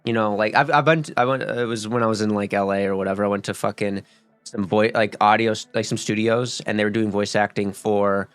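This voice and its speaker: A man's voice: on the low side, little pitch movement, a little fast, fairly bright tone, clean tone, no echo. Rambling, profane young man gaming. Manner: rambling and profane, with many fillers and restarts. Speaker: gaming streamer. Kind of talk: casual gaming commentary.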